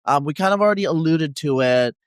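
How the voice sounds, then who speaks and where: A man's voice: a little high, animated, quick pace, smooth, no echo. A man hosting a podcast interview, talking in a rambling, casual way with lots of fillers and restarts. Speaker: podcast host. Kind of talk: conversational interview.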